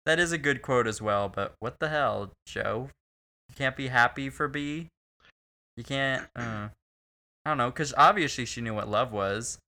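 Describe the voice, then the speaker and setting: A man's voice: medium pitch, measured pace, sharp tone. A young man co-hosting a casual movie review chat, crude and sarcastic, laughing often. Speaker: podcast co-host.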